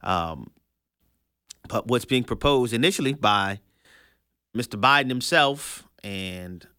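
A man's voice: medium pitch, expressive, takes it slowly, bright, forceful tone, clean tone, no echo, studio quality. A man hosting a radio talk show, casual and joking, often repeating and restarting his words. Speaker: radio host.

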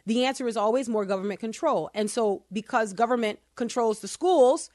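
Animated woman podcast host, dry sound. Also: a little high, no echo. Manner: animated, sarcastic asides, quick bursts then slow emphasis. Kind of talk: casual opinion podcast talk.

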